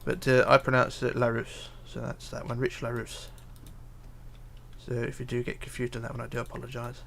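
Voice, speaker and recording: A man's voice: mid-range voice, completely flat delivery, moderate pace, vocal fry, fairly bright tone, a little hiss or hum. A man streaming live, reading viewer comments aloud and muttering to himself as he builds, with hesitant fillers. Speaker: livestreamer. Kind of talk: casual live stream chat while building.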